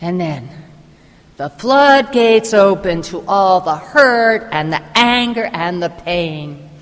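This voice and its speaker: Slow, storytelling woman preacher. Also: on the low side, animated, in a large hall. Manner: vivid storytelling, imaginative retelling. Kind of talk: sermon.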